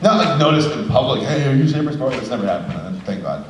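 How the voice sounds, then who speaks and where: A man's voice: medium pitch, fast talker, slight background noise. A young man telling a joking story on a convention panel. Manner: animated storytelling, jokey asides. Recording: echoey hall from far off.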